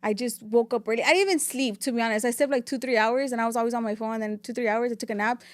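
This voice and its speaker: A young woman rattles through her story as a podcast guest, flipping freely between English and Spanish. Her voice sits a little high, and she speaks very quickly. The sound is close and dry, with no room around it. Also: dry recording. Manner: rapid, animated, switching between English and Spanish. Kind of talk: casual interview storytelling.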